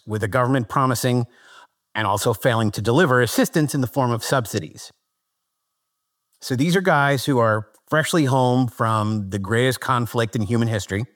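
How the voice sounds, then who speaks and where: A man's voice: mid-range voice, a bit bright. A man hosting a comedic history podcast, reading out the history and polling his panel with dry asides. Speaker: podcast host.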